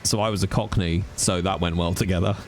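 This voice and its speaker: A male streamer casually explaining things to his viewers in a relaxed way. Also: deep voice, brisk, faint music behind.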